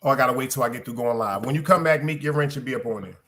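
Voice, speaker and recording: Very fast and pushed, his medium-pitched voice bright, a man from Brooklyn, New York, hosts a live podcast stream in a thick Brooklyn accent. He chats casually and profanely, rambling straight at the people watching.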